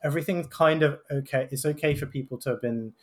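A man's voice: a little high, quick pace. Rambling man on a podcast. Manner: rambling, heavy use of "kind of" and tag questions. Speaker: doctor and podcast host. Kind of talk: casual chat.

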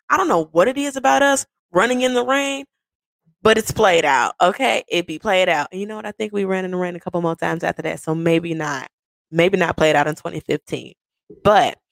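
A woman hosting a personal podcast, telling the story of her proposal to her partner in an animated, playful way. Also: on the low side, creaky, no room sound. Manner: animated, playful, acts out quoted voices. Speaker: podcast host.

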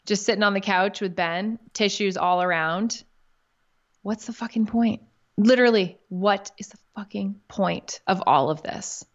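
A woman's voice: medium pitch, a little slow. Candid woman telling a heartfelt story. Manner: candid, emotional, swears casually. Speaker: podcast guest. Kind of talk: personal storytelling in conversation. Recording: dull lo-fi audio.

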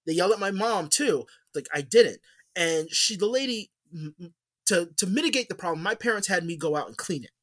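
A man's voice: high-pitched, expressive, fairly quick, a bit bright. A man telling a story in casual podcast chat, rambling with many fillers and restarts. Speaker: podcast co-host.

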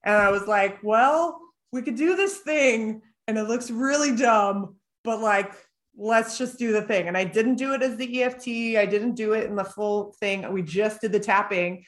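A woman's voice: mid-range voice, normal speed. A middle-aged woman therapist who co-hosts a group Q&A, chatting and telling stories with frequent laughter. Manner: chatty, animated storyteller, laughs often. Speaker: podcast co-host and business coach for therapists. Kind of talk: casual group Q&A chat.

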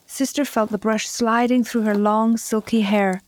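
A woman host narrating a folk fairy tale in a measured, scripted delivery, slowing at dramatic moments. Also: on the high side, fairly even intonation, a little mellow. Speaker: host and storyteller.

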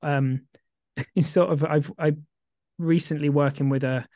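A man co-hosting a casual podcast, rambling with many restarts and getting excitable when he warms to a point. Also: a little high, measured pace, dry recording, clean studio sound. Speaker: podcast co-host.

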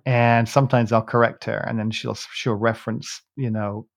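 A man with a gravelly, mid-range voice speaks at a normal speed in a level tone. He's co-hosting a podcast, chatting casually and rambling, often restarting and correcting himself with a chuckle.

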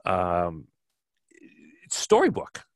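A man's voice: low-pitched, wildly swooping pitch, very slow, no room sound. A man in his fifties from Kenosha, Wisconsin, telling stories as an interview guest in a rambling way with many restarts. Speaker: guest, former track cyclist. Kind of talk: relaxed storytelling interview.

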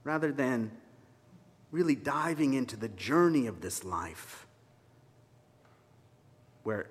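A man's voice: mid-range voice, lively intonation, takes it slowly, breathy edge. A man preaching a sermon as a minister, conversational and emphatic, with wry asides to his congregation. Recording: reverberant hall sound.

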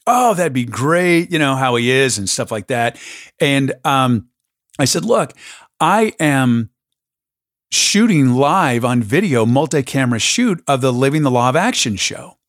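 A man's voice: medium pitch, animated, unhurried, a bit bright, no echo, studio quality. A man hosting a podcast, telling a story in a casual, enthusiastic way. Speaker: podcast host. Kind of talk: casual conversation.

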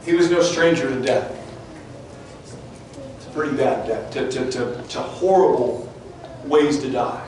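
A man preaching a sermon and reading scripture aloud, his voice climbing high and loud for the mockers and dropping low and quiet for the somber moments. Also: measured pace. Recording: distant mic in a very echoey room with faint noise.

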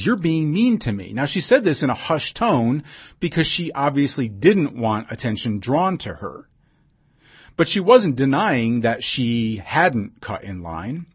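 A man's voice: medium pitch, husky. Man, storytelling monologue, conversational with asides, slightly muffled lo-fi sound. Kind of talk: personal anecdote monologue.

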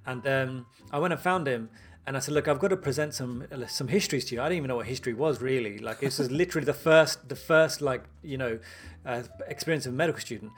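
A young adult man, a doctor, chatting casually and telling stories with lively acted-out quotes. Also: medium pitch, fast, faint music behind. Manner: lively storyteller who acts out quoted exchanges. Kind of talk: casual podcast chat.

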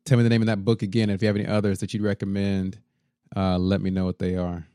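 Low-voiced male interviewer. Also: little pitch movement, quick pace, warm tone, clear, resonant tone, dry recording, studio quality. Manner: brief encouraging responses. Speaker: interview host. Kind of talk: casual interview.

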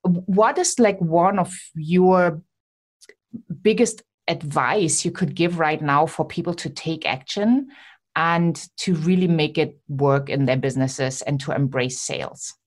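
A woman's voice: low-pitched, unhurried. A woman hosting a podcast interview, enthusiastically summing up her guest's story before asking a question. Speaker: podcast host. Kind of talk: casual interview.

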